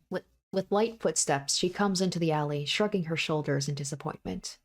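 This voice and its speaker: Woman with a lowish voice reading a visual novel out loud, tense and breathless, huffing and panting as she goes. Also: normal speed, hardly any pauses. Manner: intense, acts out breathless panting and repeated cries. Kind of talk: dramatic first-person story reading with asides.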